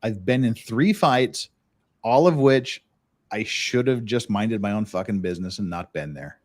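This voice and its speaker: A man's voice: lowish voice, unhurried. A middle-aged man from the United States who hosts a casual chat, talking bluntly with plenty of swearing and acting out other people's rants. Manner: blunt and profane, acts out quoted rants. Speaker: podcast host.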